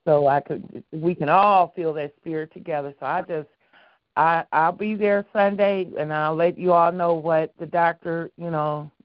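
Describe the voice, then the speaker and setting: A woman calling in to a prayer line, speaking in a warm, churchy way and repeating herself. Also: deep voice, moderate pace, no room sound. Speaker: caller. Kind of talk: casual call-in prayer testimony. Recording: dry muffled phone line.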